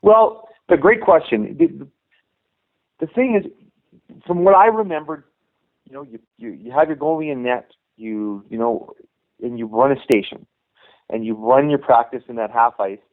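A middle-aged man spins a long, rambling story, looping back over his own words. His voice comes through a narrow, tinny phone-like line. He sits at an everyday pitch. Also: normal speed. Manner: rambling, many restarts and "you know". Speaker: youth hockey coach, guest. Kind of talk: casual storytelling interview.

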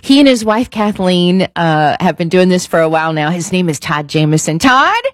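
A woman's voice: lowish voice, expressive, normal speed, slight background noise. A woman hosting a radio chat show, talking in a chatty, upbeat way and laughing easily.

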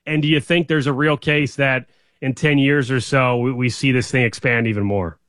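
A man hosting a casual sports talk show, asking brisk questions. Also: medium pitch, fairly even intonation, a bit bright, no echo, studio quality.

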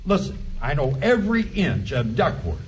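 An actor playing an indignant small-town sheriff with a blustering rural drawl, in a radio drama. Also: male voice, a little high, very animated, normal speed. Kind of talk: 1940s radio acting. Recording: dull lo-fi radio recording, faint hiss.

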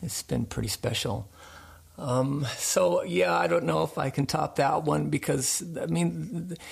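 A man from the United States who hosts a radio show, telling a story in an animated way during a radio interview. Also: fairly high pitch, measured pace, vocal fry, breathy edge. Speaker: show host.

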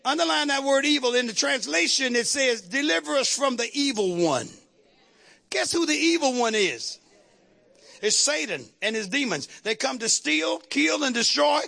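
A man preaching a sermon to his congregation, calling out to the crowd and shouting at the peaks. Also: very high voice, lively intonation, normal speed, vocal fry. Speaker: pastor. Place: church sanctuary.

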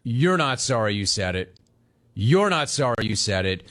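Brief: middle-aged male sports talk host, heated sarcastic rant, lively swooping pitch. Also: moderate pace, slight background noise. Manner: sarcastic, heated, mocks the player in put-on voices.

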